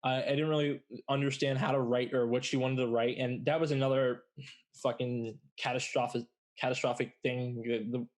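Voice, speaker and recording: Young guy on a podcast, rambling story, lots of "like" and "you know", swears freely, middle pitch. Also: little pitch movement, moderate pace. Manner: rambling, heavy filler words, blunt and profane. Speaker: podcast host. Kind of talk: casual storytelling chat.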